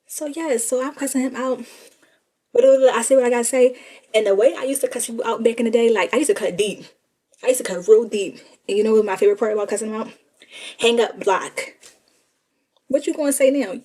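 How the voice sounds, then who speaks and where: A woman's voice: a little high, mellow. A young woman telling a casual, sassy story and talking straight to her listeners as y'all. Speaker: storyteller vlogger.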